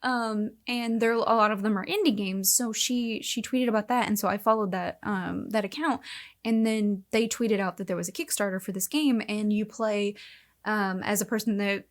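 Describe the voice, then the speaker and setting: A woman's voice: medium pitch, fairly even intonation, normal speed. A young woman co-hosting a podcast, chatting casually and gushing with many fillers. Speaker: podcast co-host. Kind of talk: casual chat.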